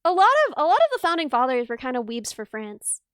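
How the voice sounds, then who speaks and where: A woman's voice: high-pitched, sing-song, clear, resonant tone, dry recording, studio quality. A young woman streamer chatting casually, cracking jokes and thanking followers. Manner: joking, quick quips, thanks new followers. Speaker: guest streamer.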